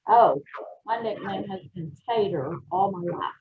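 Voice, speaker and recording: Slow-talking giggly Oklahoma woman. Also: medium pitch, a little hiss or hum. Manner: short answers, giggles a lot. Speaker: interviewee. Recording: dull lo-fi sound.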